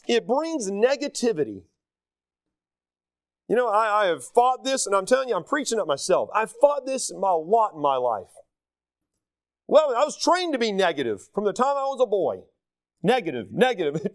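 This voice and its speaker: A middle-aged pastor with a Southern accent delivers a lively, self-mocking sermon. His voice sits high and leaps up and down as he acts out the people he quotes. The sound is dry and close. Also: no room sound.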